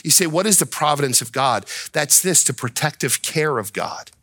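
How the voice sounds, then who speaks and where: A man preaching from the pulpit with a bright, forceful voice that is fairly high for a man. He swings from slow, low scripture readings to near-shouted outbursts. The sound is close and dry, with hardly any room echo. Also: lively intonation, breathy edge. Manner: emphatic preaching, rising to near-shouts when voicing the prophet. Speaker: pastor. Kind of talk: sermon.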